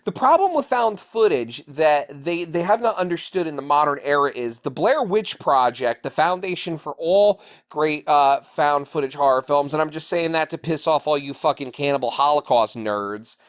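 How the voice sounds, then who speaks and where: A man's voice: on the high side, animated. A man co-hosting a podcast, reviewing a horror film in casual chat, swearing often and rambling. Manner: profane, rambling, quick to act out characters. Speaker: podcast co-host.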